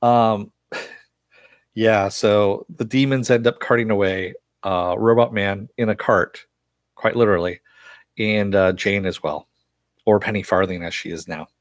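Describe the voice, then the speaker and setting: A man's voice: fairly low pitch, steady tone, unhurried, no echo. Casual, profane man recapping a show. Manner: loose, profane, chatty with frequent fillers. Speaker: show reviewer.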